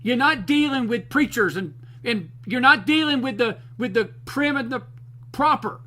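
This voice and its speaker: A man's voice: very high-pitched, lively intonation, moderate pace, pushed and bright, rough recording. A man hosting a talk show, delivering fired-up political commentary in a folksy, preachy, emphatic way.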